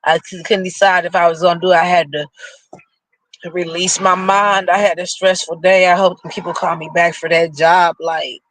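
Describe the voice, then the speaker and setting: A man with a New York accent reading horoscopes aloud and breaking into animated, slangy commentary in casual chat. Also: high-pitched, moderate pace, no room sound, poor audio.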